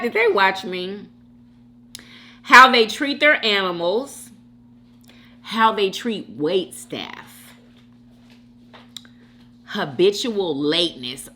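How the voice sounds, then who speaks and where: A woman's voice: fairly low pitch, slow pace, pauses often. A woman hosting a mukbang video, chatting casually with viewers and reacting to comments with frequent laughter. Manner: animated, chatty, laughs often, talks straight to viewers. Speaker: mukbang host.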